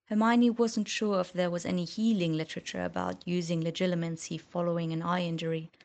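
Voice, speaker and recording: A woman reading fiction aloud as audiobook narrator, measured and subdued. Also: on the low side, a little mellow.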